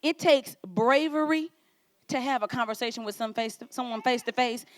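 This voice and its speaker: A woman pastor preaching at a conference, playful and animated, acting out little quoted exchanges. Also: high voice. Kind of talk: sermon. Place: conference stage.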